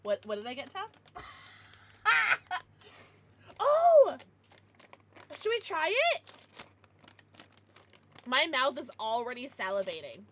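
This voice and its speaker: A woman's voice: high voice, sing-song, slow pace, pauses often, slight background noise. A woman livestreaming, chatting casually with her viewers in a bubbly, giggly way with playful baby-talk asides.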